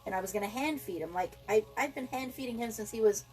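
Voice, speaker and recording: A woman co-hosting a casual chat, telling stories in a chatty, animated way. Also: on the high side, quick pace. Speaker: podcast co-host.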